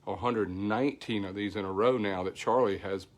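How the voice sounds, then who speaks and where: A middle-aged man with a Southern country accent, slightly hoarse from a voice that is still recovering, chatting casually as the host of a weekly tech livestream and greeting viewers by name. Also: fairly low pitch, moderate pace. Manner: rambling, folksy, thankful, greets viewers by name.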